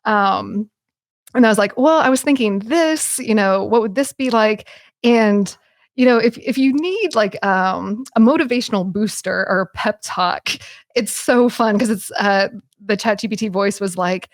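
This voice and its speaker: A woman talking casually as a podcast guest, animated, with many fillers and restarts. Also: on the high side, unhurried, dry recording, studio quality. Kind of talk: casual conversation.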